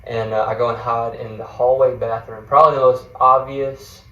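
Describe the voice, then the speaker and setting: A man's voice: medium pitch, flat delivery, moderate pace, fairly bright tone, reverberant, far from the mic, lo-fi sound. A man, a guest mentor, tells a personal faith story in an earnest, rambling way, full of fillers and restarts. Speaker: guest mentor sharing a testimony.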